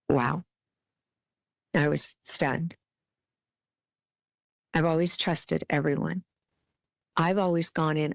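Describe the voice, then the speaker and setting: A woman's voice: low-pitched, steady tone, unhurried, gravelly, long pauses, no room sound, clean studio sound. A middle-aged woman hosting a podcast, giving an earnest, heartfelt spiritual self-help talk. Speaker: podcast host.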